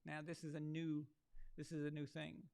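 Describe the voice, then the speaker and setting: A man's voice: a little high, completely flat delivery, normal speed, creaky, a little mellow. A man hosting a live sports watch-along, talking casually with crude, sarcastic asides. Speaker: live sports show host.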